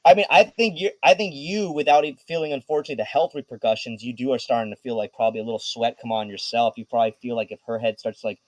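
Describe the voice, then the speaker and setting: A man's voice: medium pitch, racing, few pauses, dry recording, low-quality recording. A man running a tabletop game as game master, talking hesitantly with many restarts.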